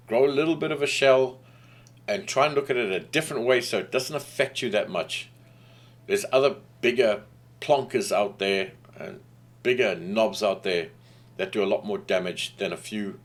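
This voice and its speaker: Brief: candid male artist-podcaster, lively up-and-down delivery, blunt and rambling. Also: on the low side. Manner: frank, rambling, repeats phrases. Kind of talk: casual monologue.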